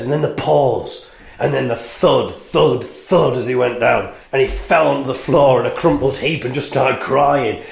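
A man's voice: mid-range voice, vocal fry. A man hosting his own podcast, telling a rambling story with wry, self-mocking humour. He records in a small toilet at a music venue. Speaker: podcast host and band member. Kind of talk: casual storytelling monologue. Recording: echoey small toilet room.

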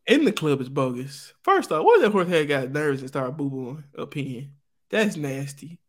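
A young man in his twenties with a Southern US accent, co-hosting a podcast in joking, animated casual chat. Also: on the high side, normal speed. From Jackson, Mississippi, US. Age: 20s. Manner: joking, animated, breaks into laughter and impressions. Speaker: podcast co-host.

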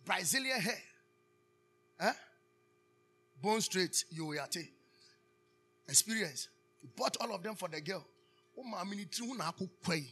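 High, bright Ghanaian preacher man. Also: husky. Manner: preaching with call-and-response questions, switching into Twi. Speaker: pastor. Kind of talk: sermon.

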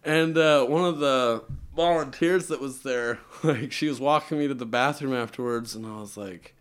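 A man guest on a podcast, telling a long story in a casual, animated way, laughing often and filling with "like". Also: mid-range voice, moderate pace, clean tone. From Utah.

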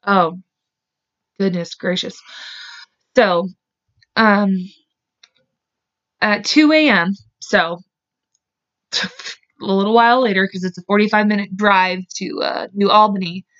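A podcast host casually retells a true-crime case in a slow, medium-pitched, fairly bright voice with long pauses. She fills her talk with "like" and swears when angered, on a dull lo-fi recording.

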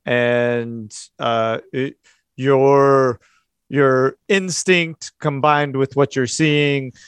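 Halting man narrating as game master. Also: medium pitch, steady tone, smooth, dry recording.

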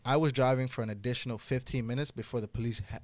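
A young man telling a wild story in casual podcast talk, swearing freely and getting loud and high-pitched when excited. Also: racing, dry recording.

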